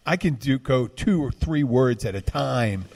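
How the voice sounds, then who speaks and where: A man's voice: mid-range voice, lively intonation, measured pace, creaky, darkish tone. A man, hosting a podcast in rambling, digressive casual talk. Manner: rambling, digressive, full of restarts. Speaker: podcast host. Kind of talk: casual chat.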